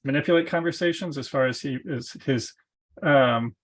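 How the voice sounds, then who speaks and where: A man's voice: medium pitch, moderate pace. A man joining a podcast discussion as a guest, speaking hesitantly with many fillers.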